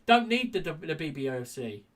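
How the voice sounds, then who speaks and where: A man's voice: on the high side, big pitch swings, moderate pace. A man co-hosting a casual boxing podcast, chatty and rambling, with lots of restarts. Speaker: podcast co-host.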